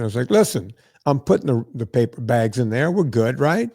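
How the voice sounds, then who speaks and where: A man's voice: medium pitch, big pitch swings, fairly quick, gravelly, darkish tone, dry recording, clean studio sound. A man hosting a podcast, telling a story in a casual, profane, exasperated way. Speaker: podcast host.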